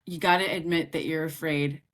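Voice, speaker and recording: This woman's voice sits low and moves fairly quickly. As a guest on a podcast, the author and grief coach tells her own story with candor and emotion, lively throughout and laughing often while talking.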